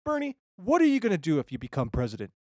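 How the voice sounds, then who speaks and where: A man's voice: high voice, huge pitch swings, fast, a little mellow, no echo, clean studio sound. Crude, flustered parody moderator man. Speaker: debate moderator. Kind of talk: comedy debate parody.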